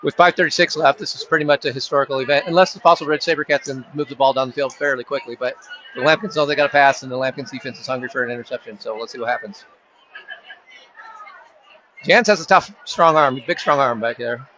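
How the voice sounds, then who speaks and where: Bright-voiced chatty high school football announcer. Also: male voice, fast, slight background noise. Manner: chatty, rambling, jokes aside to friends. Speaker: play-by-play announcer. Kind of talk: casual local sports commentary. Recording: dull lo-fi sound with faint crowd ambience.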